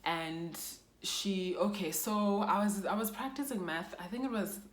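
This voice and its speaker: A woman's voice: medium pitch, measured pace, echoey room. Young South African woman, emotional storytelling. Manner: emotional, mixes in Xhosa phrases. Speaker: YouTuber. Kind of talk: storytime vlog.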